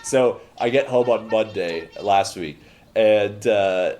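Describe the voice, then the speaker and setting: A man's voice: lowish voice, slow pace, a little mellow. A young man from Canada, co-hosting a podcast, telling a story in casual chat. He swears freely and acts out the voices of the people he quotes. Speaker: podcast co-host.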